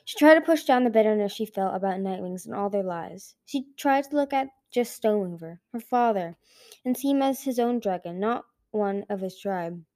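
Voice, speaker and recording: A woman's voice: mid-range voice, expressive, moderate pace, dark tone, no echo. A woman narrating a fantasy novel in a casual amateur reading, with small slips and restarts. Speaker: audiobook reader.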